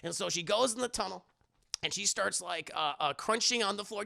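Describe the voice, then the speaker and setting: A young man with a gravelly, bright and high-set voice, retelling a film to his chat. He speaks into a close mic in a dry room. He breaks into a different voice for each character, and he swears freely. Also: a little fast, no room sound. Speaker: streamer reviewing a movie. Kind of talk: animated retelling to a live chat.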